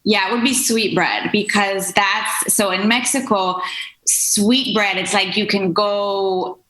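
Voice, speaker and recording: A woman guest on a podcast, a jazz vocal performer, speaking softly and hesitantly over a video call. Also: medium pitch, slow pace, echoey room, low-quality recording. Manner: soft-spoken, hesitant, searches for words.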